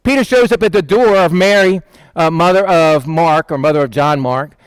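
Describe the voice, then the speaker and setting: High-voiced man teaching scripture. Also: smooth, no room sound. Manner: acts out quotes of the figures in quick voices; asks the listeners questions and answers them. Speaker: preacher. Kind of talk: conversational Bible teaching.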